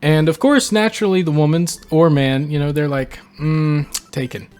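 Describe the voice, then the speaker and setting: A young man hosting a reaction video, reading posts aloud and reacting with animated disbelief. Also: fairly high pitch, moderate pace, clean tone, faint music behind. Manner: incredulous, animated, reads quotes aloud and reacts. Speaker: channel host reading posts. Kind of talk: reaction commentary.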